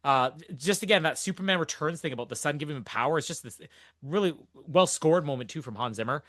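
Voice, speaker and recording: Man, young adult, podcast host, casual movie chat, enthusiastic, rambling, somewhat high pitch, dry close sound. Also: animated, fast, fairly bright tone, no room sound. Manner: rambling, enthusiastic, laughs often.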